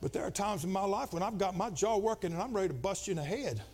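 A middle-aged man preaches a Pentecostal sermon in a notably high voice. He talks to the congregation in a relaxed, confiding way, then builds into loud, shouted, rhythmic preaching. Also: fast. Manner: swings from quiet and conversational to loud, shouted preaching. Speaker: pastor.

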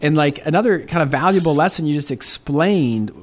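A man's voice: on the high side, expressive, brisk, very noisy. A man hosting a podcast, chatting eagerly and conversationally with his guest. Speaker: podcast host. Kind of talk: casual interview chat.

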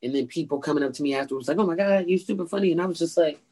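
A woman stand-up comedian tells a story in an interview. She is animated and jumps high in pitch when she acts out quotes. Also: racing, husky.

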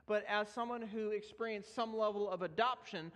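A man's voice: high-pitched, moderate pace, a bit bright. A young man preaching a sermon and telling his own story earnestly, now and then laughing at himself. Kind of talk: sermon with personal testimony. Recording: long reverb of a large hall.

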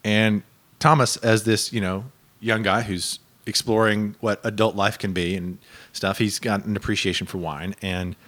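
A man with a somewhat low voice tells a story on a podcast in relaxed, casual chat. He keeps dissolving into giggles as he goes, with a playful, teasing storyteller's energy. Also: normal speed. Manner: giggly storyteller, breaks into laughter. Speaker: podcast host.

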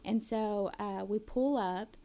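Mom in her 30s telling a story about her kids, a bit of gravel and fry in her voice, animated. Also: mid-range voice, takes it slowly. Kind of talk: casual storytelling.

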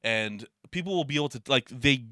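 A man's voice: mid-range voice, lively intonation, a little fast, pushed and bright, no echo, studio quality. A man co-hosting a podcast in casual, rambling chat, full of fillers and swearing.

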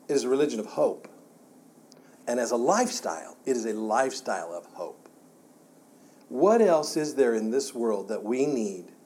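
A man's voice: mid-range voice, mellow. A man teaching a church Bible class in a conversational way, often repeating words and restarting his sentences.

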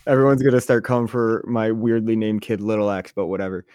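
This fast-talking podcast co-host has a lowish voice and fills his casual stories with profanity. He animatedly performs other people's lines as he goes, and the audio has no echo.

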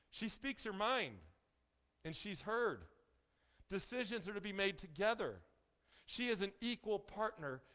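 Male pastor, slightly high voice, folksy sermon delivery with jokes to the pews, leans on key lines. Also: fairly bright tone. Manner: folksy, joking asides to the congregation; emphatic, slows down on key phrases.

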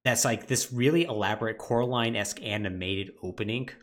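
A man co-hosting a casual podcast, retelling a game's plot in an animated way with lots of "like" fillers. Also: lowish voice, brisk. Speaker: podcast co-host.

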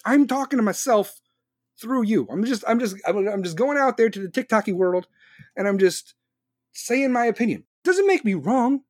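In a dry, studio-quality recording, a man with a high, lively voice speaks at normal speed while live-streaming as a podcast host. He reads chat comments aloud from his phone and fires back with sarcastic, argumentative replies.

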